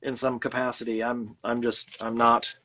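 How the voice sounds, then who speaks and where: A man's voice: medium pitch, monotone, normal speed, pushed and bright. A middle-aged man hosting a casual chat while making art, talking in a rambling, self-deprecating way with lots of fillers and restarts. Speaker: host.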